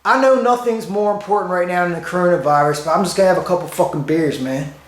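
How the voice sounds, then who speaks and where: A laid-back, careless dude, as a man puts him on, drawling and swearing casually. The voice sits a little high and echoes around a roomy space. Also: quick pace, close to an everyday voice. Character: laid-back man shrugging off pandemic rules. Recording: roomy echo.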